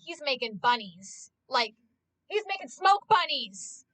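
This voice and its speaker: A woman's voice: high voice, expressive, a little slow, sharp tone, rough recording. A young woman streamer talking casually as she plays and watches, ranting animatedly and swearing often. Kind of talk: casual live-stream commentary.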